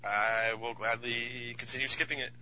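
A man's voice: medium pitch, steady tone, moderate pace, pushed and bright, dull audio, a little hiss or hum. A man co-hosting a casual podcast chat, talking in an enthusiastic, slangy way. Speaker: podcast co-host.

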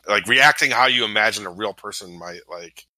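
Bright-voiced man chatting about movies. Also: on the low side, moderate pace, no echo, poor audio. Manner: loose, profane, filler-heavy. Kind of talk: casual movie discussion.

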